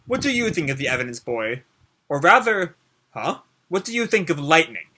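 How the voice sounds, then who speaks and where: A blunt old woman knight master, read aloud by a man. The voice is very bright and a little high. It is read plainly, with no real change of voice. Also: very animated, moderate pace, exaggerated voice. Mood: probing.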